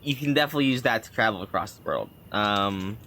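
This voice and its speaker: A man's voice: fairly low pitch, expressive, fast, pushed and bright, slight background noise. A man streaming a game, chatting casually and rambling with lots of fillers. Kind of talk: casual gameplay commentary.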